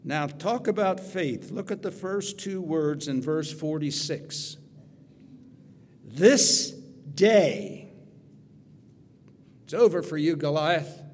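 A man preaching a sermon, retelling scripture with dramatic storytelling, swinging from loud emphasis to quiet asides. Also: fairly high pitch, slow pace, long pauses. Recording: reverberant hall, faint hum.

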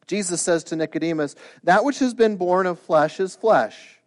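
A man delivering a sermon as pastor, his voice sitting a little on the high side. He moves between casual, conversational asides and earnest, emphatic passages that climb in intensity. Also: normal speed. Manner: earnest, emphatic preaching with rising bursts of intensity.

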